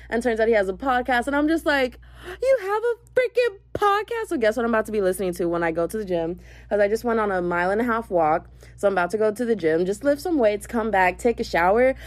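A young woman, chatting excitedly in a casual podcast recorded as phone voice notes. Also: on the high side, no echo. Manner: chatty, excitable, gushing storyteller. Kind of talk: casual voice-note podcast chat. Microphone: phone voice memo.

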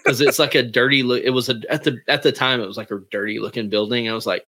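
A man on a casual podcast who tells joking stories and swears now and then. His voice is bright and forceful. The sound is close and dry. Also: medium pitch, fairly even intonation, quick pace, no room sound. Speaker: podcast guest. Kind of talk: casual chat.

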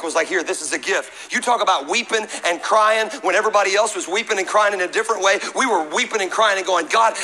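A middle-aged man preaching a sermon in a high, bright voice. He mixes scripture reading with jokes and calls for the congregation to answer back. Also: slight background noise, poor audio. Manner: preaching with humor and call-and-response. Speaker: pastor.

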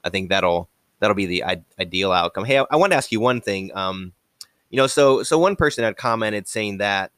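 A man hosting a casual talk show, speaking haltingly with many restarts and frequent agreement. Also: fairly low pitch, animated, a bit bright, clean tone, no echo. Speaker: podcast host. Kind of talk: casual chat.

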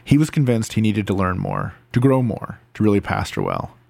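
A man reading scripted narration in a measured, even way. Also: lowish voice, creaky, dry recording. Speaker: podcast narrator.

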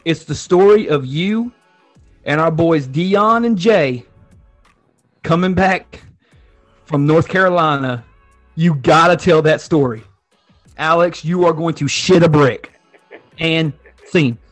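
A man in a casual podcast chat who keeps cutting in excitedly and insists on another story. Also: a little high, slow pace, pauses often, soft background music.

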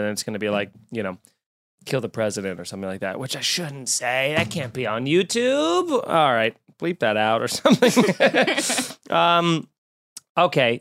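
A young adult man, a stand-up comedian, telling a casual, jokey podcast story and acting out the people in it. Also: mid-range voice. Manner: animated, jokey, acts out voices in anecdotes.

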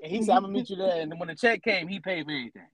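A man's voice: high voice, rapid-fire, a crowd in the background, poor audio. A man in his thirties on a casual adult chat podcast, teasing a co-host with questions and then explaining his opinions at length. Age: 30s.

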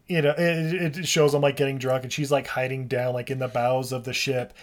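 A man's voice: mid-range voice, little pitch movement, a little fast. A man co-hosting a podcast, recapping a movie in casual chat, laughing often and acting out lines in silly voices. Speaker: podcast co-host.

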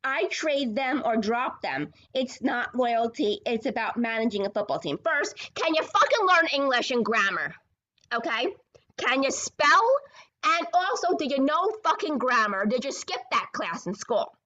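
A woman's voice: sits high, very animated, measured pace, sharp tone, muffled recording. A woman hosting a sports podcast, ranting in a combative, profane and sarcastic way. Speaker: podcast host.

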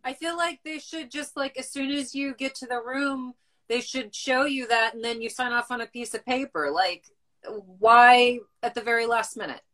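A woman chimes in during a relaxed conversation. She mostly gives short, supportive replies. Her voice is bright and a little high. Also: normal speed.

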